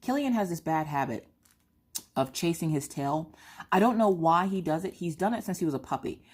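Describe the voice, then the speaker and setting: A middle-aged woman with a low voice rambles through a casual vlog. She is chatty and animated, slipping into quick impressions of herself and her kids as she tells each story. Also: breathy edge. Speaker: vlogger.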